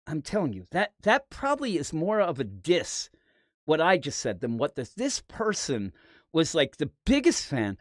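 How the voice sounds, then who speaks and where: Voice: mid-range voice, normal speed, dry recording, clean studio sound. A comics podcast host telling a long rambling story in casual chat, swearing freely. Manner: rambling, animated, profane storytelling.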